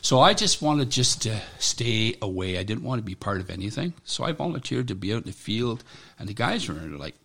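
A middle-aged man, a military veteran, telling his own story in an interview, blunt and profane with halting restarts. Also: fairly low pitch, sing-song, fairly bright tone. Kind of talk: personal account in an interview.

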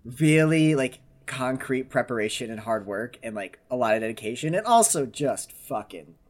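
A man's voice: medium pitch, lively intonation, normal speed. A man chatting casually as a regular player on a tabletop game show, rambling and full of fillers that trail off. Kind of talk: casual chat.

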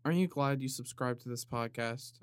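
A man hosting a comedic solo podcast, rambling in a deadpan way with sudden loud bursts and some vocal fry. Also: medium pitch, a little fast, no echo. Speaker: podcast host. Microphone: studio microphone.

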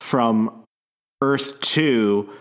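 A man co-hosting a casual podcast about comics, speaking in a low-key, hesitant way. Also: drawn-out words. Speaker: podcast co-host. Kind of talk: casual chat.

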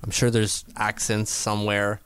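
A man's voice: on the low side, monotone, normal speed, a bit bright, clean tone. A man co-hosting a casual sports podcast, rambling and hedging as he talks. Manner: rambling, hedging, lots of fillers and restarts. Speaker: podcast co-host.

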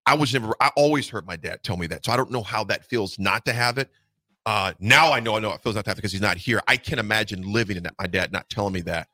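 A man's voice: lowish voice, fast talker, sharp tone, no echo. A man co-hosting a morning radio show, talking earnestly and from the heart to listeners.

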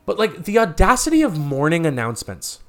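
A man's voice: a little high, huge pitch swings, fairly quick, a bit bright, soft background music. A young man, co-hosting a casual podcast chat, rambling and profane and working himself up into rants. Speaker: podcast co-host.

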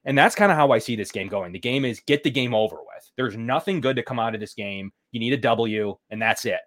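A man's voice: mid-range voice, brisk, fairly bright tone. A man co-hosting a sports podcast, giving loose, filler-heavy game predictions in casual chat. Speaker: podcast co-host.

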